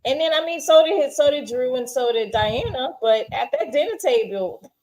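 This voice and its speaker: A woman's voice: high-pitched, animated, normal speed, darkish tone, slight background noise, rough recording. A woman co-hosting a casual TV episode review, firmly explaining her view and pushing back on her co-host. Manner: firm, explains and pushes back. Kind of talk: casual chat.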